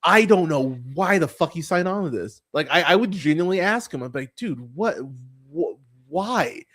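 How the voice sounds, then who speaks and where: A man's voice: sits high, lively intonation, quick pace, fairly bright tone. A man hosting a movie podcast, ranting about a film in a casual, profane, exasperated way, often stumbling and repeating words. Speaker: podcast host. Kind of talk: casual movie review rant.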